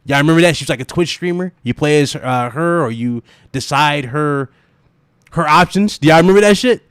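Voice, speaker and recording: A man's voice: a little high, a little fast, smooth, no room sound, studio quality. Ranting, cursing male stream host. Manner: animated, profane, laughing and ranting. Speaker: gaming livestream host. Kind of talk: casual livestream chat.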